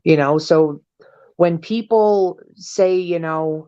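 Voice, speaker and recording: Woman co-host, casual podcast chat, low voice, unhurried delivery, blunt and profane, dull lo-fi sound. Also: warm tone. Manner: blunt, swears freely, gossipy.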